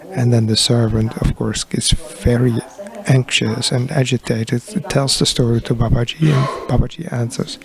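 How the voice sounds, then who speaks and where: A man interpreting a sermon into English, telling spiritual stories slowly and deliberately with pauses. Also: mid-range voice, steady tone, vocal fry, crowd noise. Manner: slow, deliberate storytelling with pauses. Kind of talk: sermon storytelling, translated.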